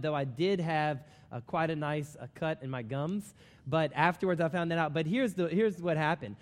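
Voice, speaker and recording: A man preaching a sermon, telling a personal story in an animated storytelling manner. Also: high-pitched, big-room sound. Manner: storytelling, animated when excited.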